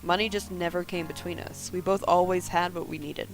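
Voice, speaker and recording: A woman voicing a guarded, brooding woman in her thirties, reading her first-person narration and lines quietly and dryly in a game. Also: fairly low pitch, fairly even intonation, fairly quick, soft background music, close to an everyday voice, low-quality recording. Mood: reflective.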